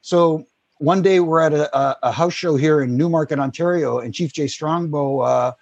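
A man's voice: a little high, normal speed, vocal fry, dull audio. A middle-aged man, a former wrestling referee telling rambling anecdotes as a guest. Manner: rambling, animated anecdotes with acted quotes. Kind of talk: casual storytelling.

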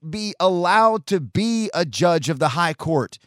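A man's voice: sits high, lively intonation, a little slow, fairly bright tone, no room sound, clean studio sound. A man hosting a podcast, giving a rambling, self-deprecating and profane opinion monologue in a casual way. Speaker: podcast host.

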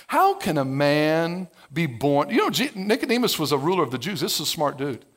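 Animated high-voiced male pastor preaching. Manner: animated, acts out biblical dialogue with playful sarcasm; conversational and humorous. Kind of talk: lively sermon.

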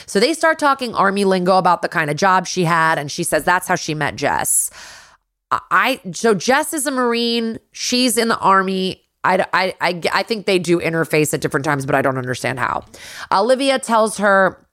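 A woman's voice: fairly low pitch, sing-song, moderate pace, a bit bright, no echo, clean studio sound. A woman co-hosting a podcast, recapping a TV episode in a chatty, casual way, swearing freely and laughing easily. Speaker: podcast co-host.

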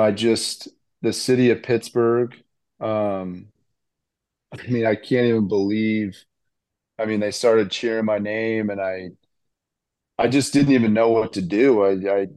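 Excited rambling man, low and dry. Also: no echo. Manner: excited, rambling with many restarts and fillers. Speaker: baseball player guest. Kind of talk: casual interview chat.

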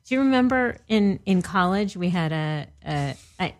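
Chatty woman podcast co-host, lowish voice. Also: expressive, normal speed. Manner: chatty, laughs often, trails off mid-sentence. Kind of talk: casual chat.

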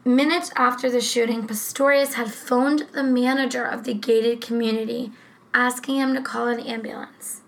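A woman co-hosting a casual true-crime podcast, talking in a rambling, profane, animated way. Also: on the high side, moderate pace, gravelly, rough recording. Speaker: podcast co-host.

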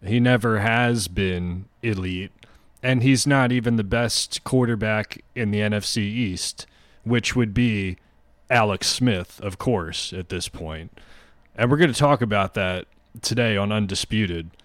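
A man voicing a contrarian male TV sports debater, with slow, deliberate jabs and no accent. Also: fairly low pitch, no echo, close to an everyday voice. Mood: mocking.

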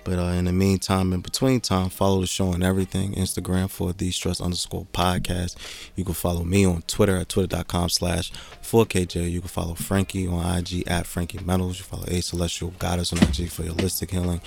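A man's voice: deep voice, completely flat delivery, a little fast, vocal fry, darkish tone. A man hosting a podcast, talking in a laid-back, rambling way and swearing freely. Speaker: podcast host. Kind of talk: casual podcast chat.

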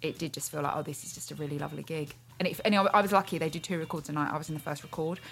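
A woman's voice: low voice, fairly even intonation, rapid-fire, creaky, fairly bright tone. A woman comedian as a radio guest, chatting casually in a jokey, self-mocking way.

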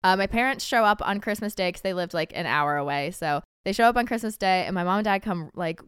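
A woman's voice: medium pitch, animated, quick pace, a bit bright, clean tone, dry recording, clean studio sound. A young adult woman co-hosting a podcast, telling a story in casual chat with frequent laughs and snarky asides. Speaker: podcast co-host.

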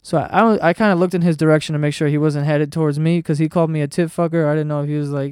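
Excitable man telling a comic story. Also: on the high side, fast talker, smooth, dry recording, studio quality. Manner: excitable, swears often, breaks into laughter. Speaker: comedy podcast host.

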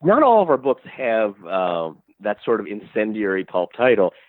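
A man talking as a guest in a conversational interview, animated and chatty with wry asides. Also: fairly low pitch, moderate pace, no room sound, phone-quality sound. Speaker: guest, crime fiction publisher and writer.

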